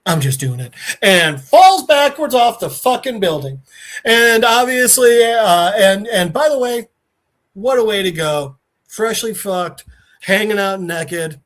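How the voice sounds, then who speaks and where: A man's voice: high voice, takes it slowly. A man hosting a podcast, animatedly retelling a comic story and acting out the characters' lines in casual chat. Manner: animated storytelling, acts out quotes. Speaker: podcast host.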